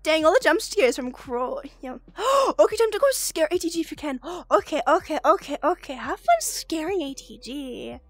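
A giggly young woman chats casually on her livestream, her voice pitched high and swinging lively up and down. She sits close to a dry mic with faint music under her. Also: moderate pace, hardly any pauses, no room sound. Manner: giggly, exclaims a lot. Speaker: streamer.

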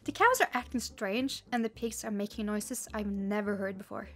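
A woman's voice: mid-range voice, moderate pace, a bit bright, faint music behind, lightly acted. Old farmer, storybook, baffled and mumbly, read by a woman in her own voice. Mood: puzzled. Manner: puzzled, mutters. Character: bewildered old male farmer.

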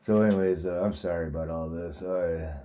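This vlogger's dream story is a profane, meandering ramble stuffed with fillers. His voice sits low with a dark, steady tone, he talks a little fast, and there's a little hiss or hum in the recording.

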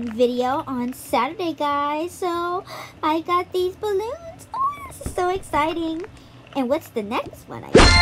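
Woman with a high voice chatting thru a phone game for her viewers, bit of hiss behind. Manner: chatty, addresses viewers directly. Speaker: gaming YouTuber. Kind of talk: casual game walkthrough vlog.

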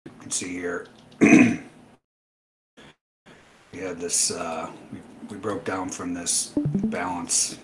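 Low-voiced man talking through live trades. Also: steady tone, slow pace, long pauses, loud music behind the voice, rough recording. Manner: loose, rambling, many fillers, dry sarcasm. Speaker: trader hosting a live trading webinar. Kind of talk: casual live trading commentary.

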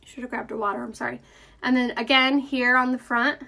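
Chatty woman host, slightly high voice, live makeup demo while reading viewer comments. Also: little pitch movement, fairly quick, gravelly, bright, forceful tone. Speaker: makeup seller.

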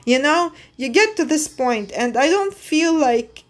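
A woman's voice: sits high, expressive, takes it slowly, few pauses. A young adult woman in a casual gaming vlog, rambling and often restarting as she trips over her own words. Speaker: mobile game YouTuber.

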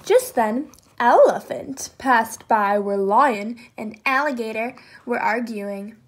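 Woman reading a kids book out loud, high voice, takes it real slow. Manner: slow, expressive storytelling voice. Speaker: children's book reader. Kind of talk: reading a picture book aloud.

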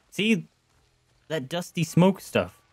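Young male streamer, lively chatty delivery, rambling asides, sudden excited yelps. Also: a little high, extremely slow, breathy edge, no room sound. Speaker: streamer playing a game. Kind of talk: casual gameplay chat to viewers.

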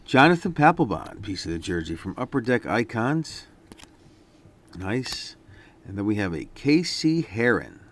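A man casually talking through a stack of sports trading cards, relaxed and rambling with lots of fillers. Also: lowish voice, measured pace, a little hiss or hum. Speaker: card collector vlogger. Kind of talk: casual unboxing commentary.

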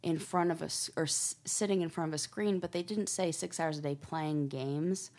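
A woman's voice: low-pitched, moderate pace, darkish tone. A woman in her thirties co-hosting a podcast, chatting casually and animatedly, shrieking in disgust now and then. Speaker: podcast co-host. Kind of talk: casual chat.

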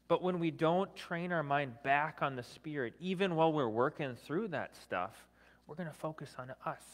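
A man's voice: on the high side, a bit bright, big-room sound. A man preaching a sermon as a guest speaker, talking conversationally, often adding "right?", with self-deprecating humor. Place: church sanctuary.

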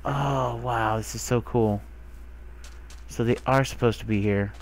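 A young man giving casual commentary while playing a video game, who talks to the animals he finds and gets excited, sometimes swearing. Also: medium pitch, unhurried. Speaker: gamer. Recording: faint background noise.

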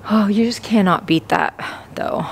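A woman talks through a plant shopping trip, gushing over what she finds and slipping into breathless, awed whispers. She speaks at an unhurried pace, recorded on a handheld camera in a big store. Faint store ambience runs underneath. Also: medium pitch, slight background noise. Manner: gushing, gasping, whispering in awe. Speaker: plant vlogger. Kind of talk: excited shopping vlog. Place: big box store garden section.

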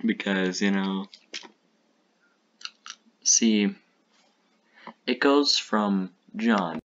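A man's voice: fairly low pitch, drawn-out words, fairly bright tone, lo-fi sound, a little hiss or hum. A young man rambling and poking fun at his own old short films as a video host. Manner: rambling, self-mocking. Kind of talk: reaction commentary.

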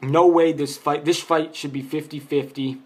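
A man's voice: on the high side, steady tone, moderate pace. A man giving an unscripted boxing opinion in a vlog, arguing his point, rambling and restarting his sentences. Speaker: boxing commentator.

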